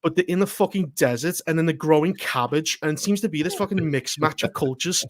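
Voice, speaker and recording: A man's voice: a little high, fairly quick, no echo, studio quality. A man from England, a panel guest in a casual chat, blunt and sardonic with frequent swearing.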